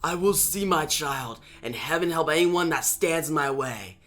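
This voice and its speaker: Guy doing a proud ancient warrior, bright and forceful, defiant. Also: on the high side, animated, moderate pace. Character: fierce ancient male champion, proud and defiant.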